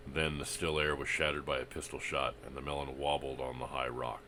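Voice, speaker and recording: A man narrating a pulp western story in a steady, dramatic reading. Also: rumbling low, a little fast, a little hiss or hum.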